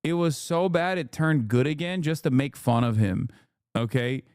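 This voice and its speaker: A man's voice: on the high side, normal speed, a little mellow, clear, resonant tone, dry recording, clean studio sound. A man in his thirties, from the United States, streaming and ranting emphatically with lots of swearing and repeated lines for stress. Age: 30s. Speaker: streamer and political commentator. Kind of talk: casual ranting commentary.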